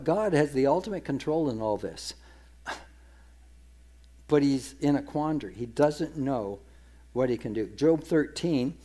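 A man's voice: a little high, mellow. A man giving a conversational Bible teaching, paraphrasing scripture in everyday speech with frequent restarts and repeated words. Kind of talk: sermon-style Bible teaching.

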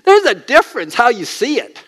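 A man's voice: extremely high pitch, wildly swooping pitch, fairly quick, a bit bright. A man preaching a sermon in an emphatic way, asking the listeners questions as he goes.

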